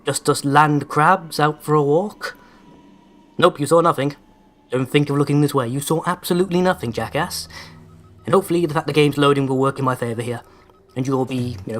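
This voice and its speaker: Male let's-play host, mid-pitched, sarcastic and crisply over-enunciated. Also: fairly bright tone. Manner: sardonic, sweary, over-pronounces words. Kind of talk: casual gameplay commentary.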